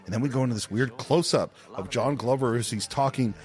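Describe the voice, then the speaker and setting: A man's voice: medium pitch, a little fast. A man co-hosting a podcast, casually retelling a film scene with frequent laughs. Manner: animated storyteller with frequent laughs. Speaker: podcast co-host.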